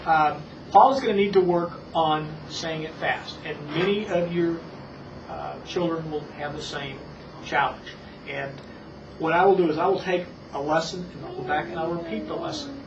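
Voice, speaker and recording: A reading instructor demonstrates a lesson, coaching a small child with slow, exaggerated words and calm repetition. The voice sits at a middle pitch and comes from far off in an echoey room. The tape is dull and hissy. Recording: echoey, distant, muffled old tape with hiss.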